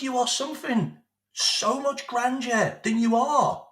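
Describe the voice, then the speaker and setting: A man's voice: very high voice, slow pace, a bit bright, reverberant. A man delivering a sarcastic, sweary football rant as a vlog host, repeating his points. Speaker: football fan vlogger. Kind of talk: ranting monologue.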